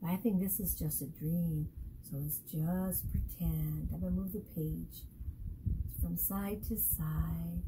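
A woman teacher reading a picture book aloud to young children, stopping often to ask them questions in an animated, coaxing way. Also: on the low side, slow, noisy background.

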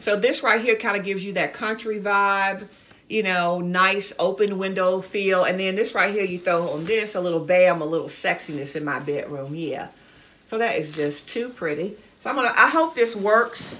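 This middle-aged fashion vlogger has a mid-range, pushed, bright voice and speaks at a moderate pace. She enthusiastically chats away about her shopping haul, calling her viewers guys and y'all.

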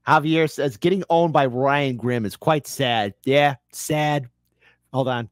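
A man's voice: mid-range voice, a little slow, no echo, clean studio sound. A man commenting on a debate clip during a live stream, mocking it with laughs and reading viewer messages aloud.

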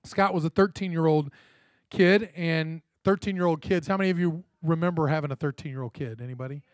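A man's voice: on the high side, brisk, no echo. A man, a pastor, giving a sermon in a conversational storytelling way and often checking in with the congregation. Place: church.

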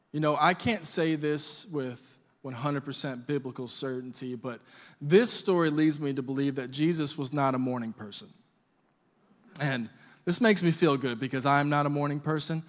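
High-voiced male pastor in reverberant hall. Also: moderate pace. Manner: conversational, joking storyteller. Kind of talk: sermon. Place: church sanctuary.

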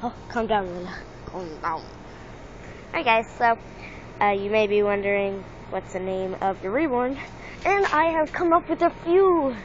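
A woman's voice: medium pitch, animated, unhurried, lo-fi sound, slight background noise. A young woman vlogging casually, hyper and giggly, rambling and jumping between thoughts while moving around with a handheld phone.

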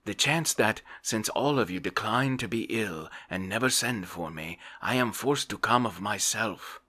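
A brisk, bald little doctor hands down his verdict in a low, crisp voice in this whispered role-play, as a male reader voices him. He is matter-of-fact and decisive, with a dry, jesting edge. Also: lively intonation, sharp tone, heavily acted.

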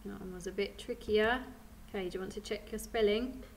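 A British primary school teacher leads young children through a phonics lesson, patiently sounding out words letter by letter. Her medium-pitched voice is steady and fairly quick, with slight background noise.

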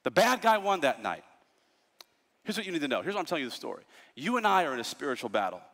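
A pastor in his thirties preaching a sermon, telling stories with lively asides. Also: on the high side, fast talker. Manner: animated storytelling, lively asides. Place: large church hall. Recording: long hall reverb.

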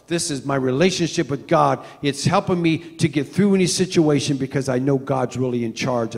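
Gravelly middle-aged pastor in a reverberant church. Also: male voice, medium pitch. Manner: storytelling, animated swings from loud to hushed. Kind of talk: sermon. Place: church sanctuary.

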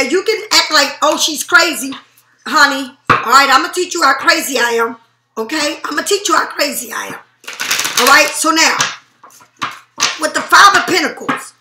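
A woman's voice: high-pitched, roomy sound, background noise. A woman reading tarot cards in a blunt, profane, emphatic way. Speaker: tarot reader.

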